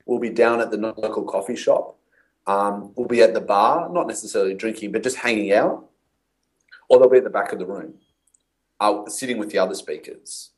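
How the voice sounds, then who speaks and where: Brisk and lowish-voiced, a man tells stories as a guest in an interview, acting out conversations he once had. He's a copywriter, and the recording is rough.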